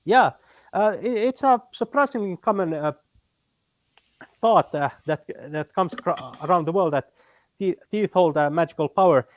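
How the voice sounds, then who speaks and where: A man with a Finnish accent talking as a guest in casual chat, pausing often with fillers and restarts. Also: high voice, no echo, muffled recording. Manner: halting, many fillers and restarts.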